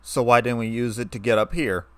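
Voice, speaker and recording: A relaxed young man speaks with a casual, half-mocking ease, read by a man narrating the story. The voice stays near the reader's own and is recorded dry and close. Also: medium pitch, brisk, clear, resonant tone, no echo, natural voice. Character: laid-back young human man.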